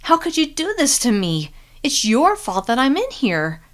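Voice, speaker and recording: A woman reading an audiobook and voicing an emotional teenage girl in a higher, youthful voice. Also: animated, moderate pace, a bit bright. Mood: hurt. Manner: higher, youthful voice with strong feeling. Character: sixteen-ish teenage girl, emotional and impulsive.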